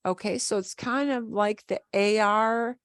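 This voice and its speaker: A woman's voice: medium pitch, fairly even intonation, unhurried, dry recording, clean studio sound. A woman teaching a Spanish grammar class, explaining patiently in a casual, repetitive way and spelling words out letter by letter. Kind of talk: online class lecture.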